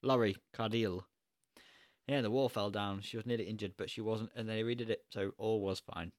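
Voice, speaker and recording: A man's voice: on the low side, fairly even intonation, a little fast, no room sound, studio quality. A man co-hosting a casual film review podcast, rambling and laughing at his own asides. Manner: rambling, self-correcting, laughs a lot. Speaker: podcast co-host.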